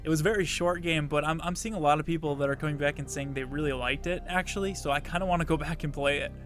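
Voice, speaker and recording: A man on a podcast in casual chat, mostly giving brief reactions and quick laughs. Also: fairly high pitch, a bit bright, soft background music.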